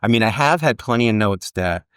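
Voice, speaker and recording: Animated male actor telling stories. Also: lowish voice, a little fast, smooth, no room sound, studio quality. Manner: animated storyteller, acts out quotes. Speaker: actor guest. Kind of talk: casual interview storytelling.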